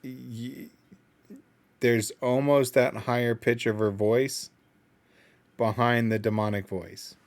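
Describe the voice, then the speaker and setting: Male reaction host, mid-pitched voice, analytical, second-guesses himself out loud. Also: flat delivery, slow pace, long pauses. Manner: thinking aloud, analytical and self-doubting. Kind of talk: casual reaction commentary.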